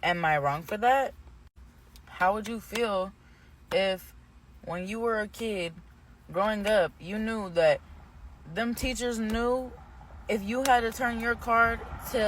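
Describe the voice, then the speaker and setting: A woman's voice: medium pitch, measured pace, a little hiss or hum. A young woman vlogging, telling a personal story in a rambling, candid way, often indignant. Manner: grows heated and indignant. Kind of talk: casual storytime monologue.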